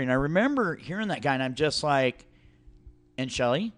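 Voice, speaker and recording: A man's voice: medium pitch, lively intonation, normal speed, fairly bright tone. Profane storytelling man. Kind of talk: casual recovery chat.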